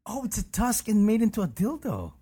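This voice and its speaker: A man's voice: sits high, huge pitch swings, fairly quick, mellow, breathy edge. A man co-hosting a casual talk show, jokey and teasing in his banter. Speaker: co-host.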